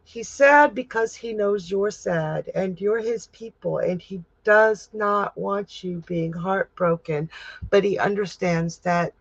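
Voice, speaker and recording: A woman working as a psychic medium who gives tarot readings on a livestream and reads viewer comments aloud in a gentle, comforting way. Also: medium pitch, slow pace, no room sound, highs cut off.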